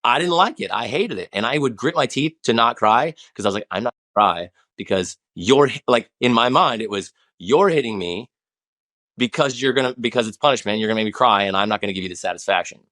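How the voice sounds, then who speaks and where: A man's voice: mid-range voice, lively intonation, fast, sharp tone. A man in his forties, a guest on a podcast, talking in a rambling, passionate way with many restarts. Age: 40s. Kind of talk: casual conversation.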